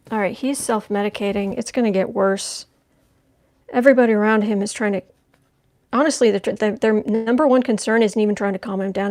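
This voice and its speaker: A woman's voice: mid-range voice, a little mellow. A woman reading tarot cards on a livestream, thinking aloud in a conversational way as she turns each card. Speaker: tarot reader.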